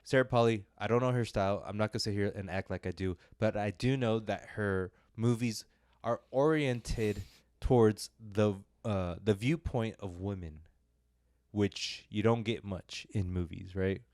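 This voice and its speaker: A man's voice: fairly low pitch, measured pace, darkish tone, dry recording, clean studio sound. A young man co-hosting a film podcast, talking in a loose, rambling way with lots of fillers and self-deprecating asides. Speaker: podcast co-host reviewing films. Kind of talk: casual podcast chat.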